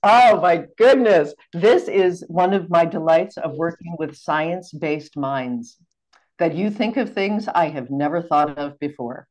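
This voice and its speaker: A low-pitched American woman guides a group through an exercise in a calm, orderly way. She speaks carefully and politely, with a deeper voice for a woman, over a video call microphone. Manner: measured, clear, courteous. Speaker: seminar facilitator. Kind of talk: giving instructions on a video call seminar.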